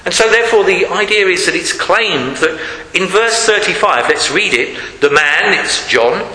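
A man's voice: high voice, animated, moderate pace, sharp tone. A man preaching a reflective sermon and asking rhetorical questions. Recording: echoey hall.

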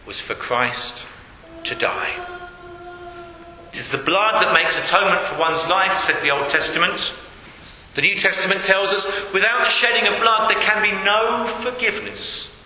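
A man delivers a sermon in a high, piercing voice that rises and falls dramatically. He speaks slowly and hammers his key phrases through repetition. The hall around him rings with a long reverb, with faint noise underneath. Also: sharp tone. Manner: emphatic, repeats key phrases. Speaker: preacher. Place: church hall.

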